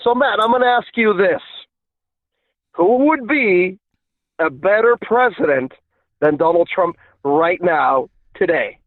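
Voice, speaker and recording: A man's voice: high-pitched, animated, slow pace, pauses often, no echo. A man calling into a talk show, casual and dismissive, saying bro and laughing things off. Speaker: caller. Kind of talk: call-in debate. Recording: tinny phone line.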